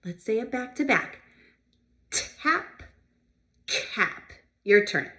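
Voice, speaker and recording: A woman speech therapist leading a children's sound practice lesson, modeling sounds clearly and giving encouraging praise. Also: on the high side, a bit bright. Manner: slow, clear modeling of sounds with pauses for kids to repeat.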